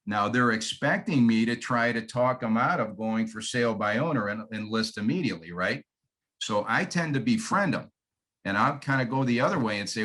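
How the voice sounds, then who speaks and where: A man coaching fellow realtors in an easygoing, chatty way, with a voice of middling pitch. He slips into role-play, voicing himself and the homeowner on the phone. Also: moderate pace, fairly bright tone. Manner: conversational, acts out both sides of calls. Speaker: real estate agent. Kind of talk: sales training talk with role-play.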